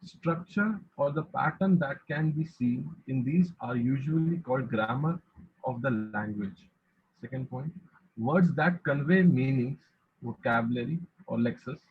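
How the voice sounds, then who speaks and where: Raspy man on a tinny line. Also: mid-range voice. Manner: measured, list-like reading. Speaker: student. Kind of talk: reading a prepared presentation aloud.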